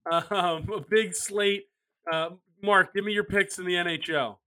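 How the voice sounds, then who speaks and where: Bright, smooth-voiced male host. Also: high voice, fairly even intonation. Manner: brisk, moves the show along. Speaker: podcast host running the picks. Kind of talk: casual podcast banter.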